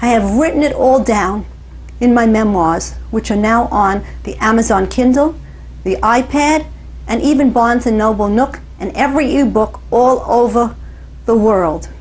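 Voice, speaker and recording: A woman author telling her life story as a dramatic, deliberate first-person monologue. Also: a little high, a little mellow.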